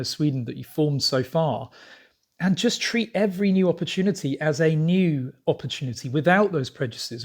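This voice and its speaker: A man talking casually to camera as a vlogger, rambling with frequent fillers and restarts. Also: fairly high pitch.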